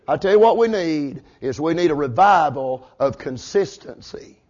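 High-voiced shouting preacher. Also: male voice, lively intonation, normal speed. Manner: swings from hushed to shouting, calls out amen. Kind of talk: fiery revival sermon. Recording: dull lo-fi sound.

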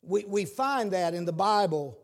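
A man preaching a sermon, repeating his words and building to shouted calls. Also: sits high, lively intonation, measured pace.

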